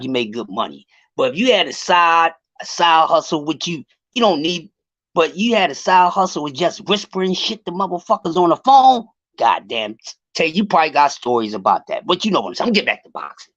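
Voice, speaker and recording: A man's voice: on the high side, lively intonation, normal speed, a bit bright, muffled recording. A man ranting on a casual livestream about boxing, profane and heated, often stretching and repeating words as he builds his point. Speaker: boxing commentary vlogger.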